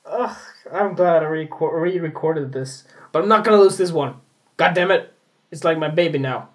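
A man's voice: a little high, normal speed. A man hosting a casual solo podcast, rambling and joking about his week, laughing at himself often. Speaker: podcast host. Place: home room with window open.

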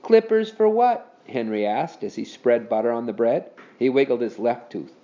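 A man's voice: mid-range voice, fairly even intonation, moderate pace, dark tone. A man reading a children's storybook aloud expressively, in a dull lo-fi recording.

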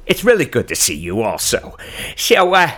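A man doing an impression of a bumbling, loud-mouthed cartoon family dad, who mangles words and rambles. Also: mid-range voice, huge pitch swings, normal speed. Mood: goofy boasting.

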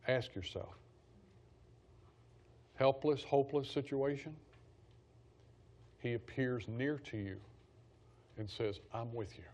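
A man's voice: mid-range voice, slow pace, pauses often, darkish tone. A man teaching a Bible study class in a conversational way, repeating key phrases for emphasis.

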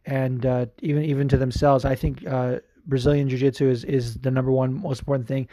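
A man's voice: medium pitch, level tone, brisk, warm tone, no room sound. Rambling casual podcast man, dry sound. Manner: rambling, many fillers, swears. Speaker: podcast host. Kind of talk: casual chat.

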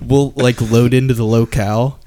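A man's voice: medium pitch, fairly even intonation, moderate pace, dark tone. A young man chatting casually with friends on a podcast, laughing and swearing as he tells stories. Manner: laughing, swearing, slips into mock Canadian drawl. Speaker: podcast co-host. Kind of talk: casual chat among friends.

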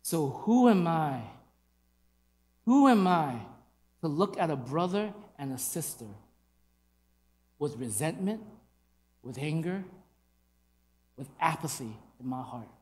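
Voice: mid-range voice, big pitch swings, slow pace, pauses often, darkish tone. A preacher delivering an emphatic sermon, asking the congregation rhetorical questions. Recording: long hall reverb.

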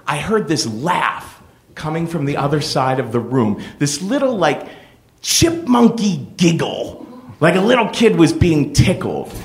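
A middle-aged man hosting a podcast, telling a personal story in a playful, animated way. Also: on the high side. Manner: animated, playful, full of impressions. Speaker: podcast host.

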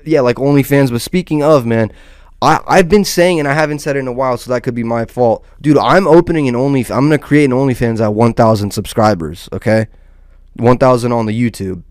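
A man's voice: mid-range voice, fairly quick, darkish tone, no room sound, clean studio sound. Rambling, profane man giving loose commentary. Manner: rambling, loose, with frequent restarts and "dude". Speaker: host of a small online channel.

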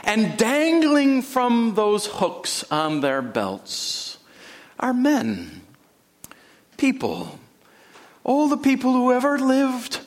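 A man preaching a sermon in a church sanctuary, dramatic, with sudden drops to a hush and rising emphasis. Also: very high voice, big pitch swings, slow pace. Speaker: pastor.

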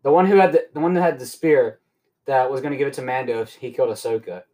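A young man hosting a podcast, rambling excitedly through a casual recap and swearing often. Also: mid-range voice, fast. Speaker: podcast host.

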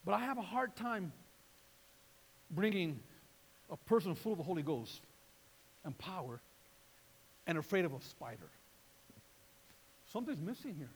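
A man preaching a sermon in a lively way, repeating words and acting out voices. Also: sits high, a little slow, long pauses, slightly rough, in a large hall. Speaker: pastor.

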